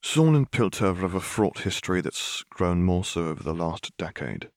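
A man reading the part of a weary, idealistic woman sheriff who speaks in a soft, measured, formal way. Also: sits low, very animated, no room sound, studio quality. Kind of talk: audiobook reading of fan fiction.

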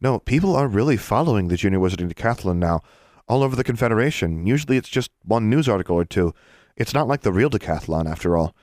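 Man voicing a kind young schoolgirl, gentle, hesitant, low, dry, audiobook. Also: lively intonation, quick pace, dry recording, lightly acted. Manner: gentle and chatty, slightly hesitant.

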